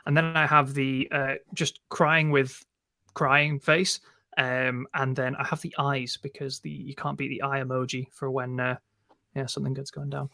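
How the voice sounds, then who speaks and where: A man's voice: medium pitch, little pitch movement, moderate pace, gravelly, pushed and bright. A man co-hosting a tech podcast, chatting casually with frequent restarts and fillers. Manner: hesitant, many restarts. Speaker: podcast co-host. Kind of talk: casual chat.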